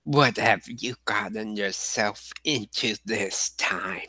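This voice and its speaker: A man voicing a disguised woman warden, speaking in a hushed, deliberate way. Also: lowish voice, no echo, full character voice. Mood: concerned.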